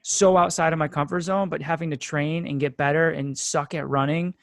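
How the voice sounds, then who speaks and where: A man's voice: a little high, fairly even intonation, fairly quick, vocal fry, dry recording. Upbeat, slangy man, dry close sound. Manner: enthusiastic, slangy, many "like" and "dude". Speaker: podcast host. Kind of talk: casual chat.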